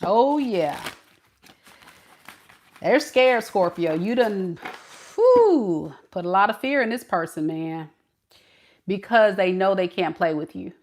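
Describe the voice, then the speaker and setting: A woman's voice: mid-range voice, big pitch swings, unhurried. A woman from the southern US giving a live tarot reading, chatty and laughing often as she answers her chat. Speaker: tarot reader. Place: home at night.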